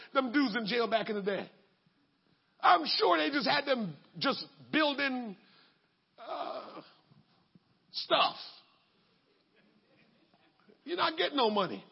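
A man preaching a sermon in a colloquial, emphatic way, bursting into shouts. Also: extremely high pitch, big pitch swings, slow pace, gravelly, long pauses, slightly rough, muffled recording.

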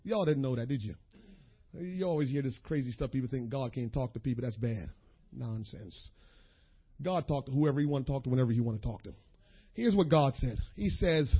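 A man's voice: medium pitch, lively intonation, brisk, slightly rough. A man preaching a sermon in a folksy, impassioned way and speaking directly to his congregation. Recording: dull lo-fi sermon recording.

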